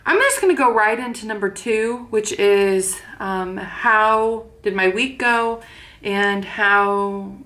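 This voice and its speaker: A woman's voice: medium pitch, slow, a bit bright. A tired young woman vlogging casually to her camera, frankly venting her frustrations and repeating herself. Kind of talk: casual vlog.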